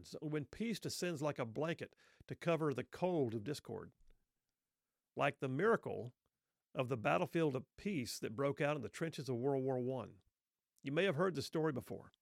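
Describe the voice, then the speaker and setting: A middle-aged man telling a story earnestly, with rhetorical questions and pauses. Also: fairly high pitch, gravelly, no echo, studio quality. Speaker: speaker telling a Christmas story. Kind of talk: reflective spoken storytelling.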